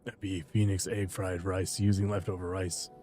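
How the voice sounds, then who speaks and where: A man's voice: level tone, moderate pace, faint music behind, lightly acted. A man voicing a grim, weary adult warrior hero who speaks curtly and dryly. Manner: low, quiet, dry and curt.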